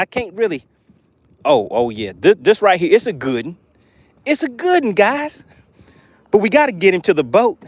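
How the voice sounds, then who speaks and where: A young man hosting a live fishing stream from a boat outdoors, talking excitedly to viewers and joking with made-up words. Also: sits high. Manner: animated, hypes viewers, playful made-up words. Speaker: fishing channel host.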